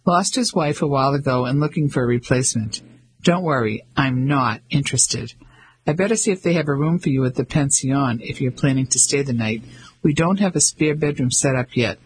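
A man's voice: mid-range voice, slight background noise, lightly acted, poor audio. A man voicing a frank, witty English woman in an audiobook. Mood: spirited. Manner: brisk, spirited, dry.

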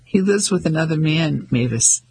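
Man doing a woman traveller, calm and curious, husky and lifted. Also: fairly high pitch, moderate pace, full character voice, low-quality recording.

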